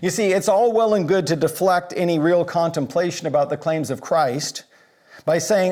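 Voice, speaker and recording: A man preaching a sermon in an earnest, measured way, pausing for emphasis. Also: a little high, darkish tone. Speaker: pastor.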